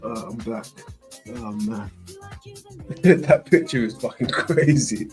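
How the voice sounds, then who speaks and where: A man hosting a casual livestream who keeps breaking into laughter and loud exclamations between his remarks. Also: mid-range voice, takes it slowly, soft background music. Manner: calls people "boy". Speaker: stream host.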